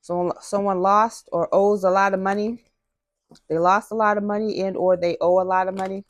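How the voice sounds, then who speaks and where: A woman's voice: mid-range voice, steady tone, normal speed, no echo. A woman giving a casual tarot-style card reading to her viewers. She talks straight to the audience and slips into slang. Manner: chatty, drops into slang, talks to viewers directly. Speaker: tarot reader.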